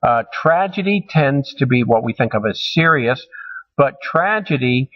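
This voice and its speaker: A male college instructor talks through a recorded lecture at an unhurried, deliberate pace, mid-pitched and even. He pauses often with ums and restarts his sentences as he explains. The sound is dull and lo-fi. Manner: measured, halting with frequent ums and restarts.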